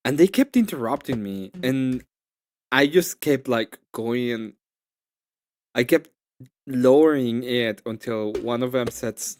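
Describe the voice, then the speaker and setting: A man in casual chat, retelling an argument in an animated, rambling way full of restarts. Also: mid-range voice. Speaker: guest.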